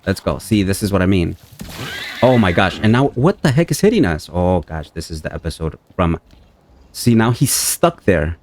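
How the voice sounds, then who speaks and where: Low-voiced guy doing let's-play commentary, chatty, talks to his viewers and his horse, gets excitable. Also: normal speed, slight background noise. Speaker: gameplay streamer.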